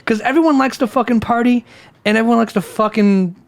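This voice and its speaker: A man's voice: very high voice, quick pace. A young man co-hosting a casual podcast over beers, rambling with frequent laughs and restarts. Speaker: podcast co-host.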